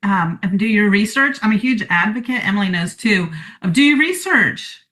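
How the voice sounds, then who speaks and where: A woman's voice: mid-range voice, expressive, normal speed, a bit bright. A woman hosting a live coaching call, upbeat and effusive as she thanks her guest and audience.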